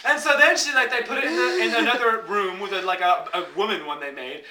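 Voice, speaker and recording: A man's voice: sits high, quick pace, crowd noise. A young man dramatically retelling a film plot, giggling and saying "like" constantly, recorded far off on a noisy home video in an echoey room at home. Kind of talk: animated comic retelling.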